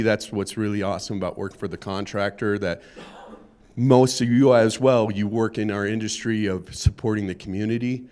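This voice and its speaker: Low-pitched male presenter, casual and chatty, safety manager giving a conference talk. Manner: relaxed, conversational storyteller with frequent "um"s. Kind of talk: conference presentation with a joke opener.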